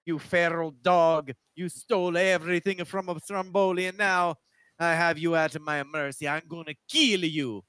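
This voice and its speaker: A man's voice: fairly high pitch, steady tone, moderate pace, fairly bright tone, clean tone, dry recording, voice pushed up, natural voice. A man voicing a gloating, threatening villain with a put-on Italian accent, as part of a tabletop game run over a video call. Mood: gloating menace. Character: villainous bald Italian puppet master, gloating. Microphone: video call mic.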